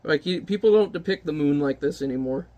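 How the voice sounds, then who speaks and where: A man with a notably high voice chatting his way through an old comic. His remarks are wry, offhand and casual, with a relaxed reviewer's flow. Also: brisk. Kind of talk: casual commentary.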